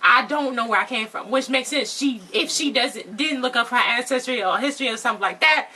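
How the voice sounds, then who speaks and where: A woman's voice: fairly high pitch, a little fast, bright, forceful tone. A woman co-hosting a casual reality TV recap, questioning and pushing back on her co-host's points. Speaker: co-host of a reality show recap channel. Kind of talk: casual chat recapping a TV episode.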